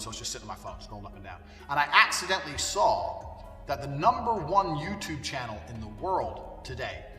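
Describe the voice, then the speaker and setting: A man's voice: medium pitch, pushed and bright. Blunt, profane man ranting in an echoey hall. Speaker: online commentator. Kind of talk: ranting monologue. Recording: echoey hall, voice far from mic, faint music.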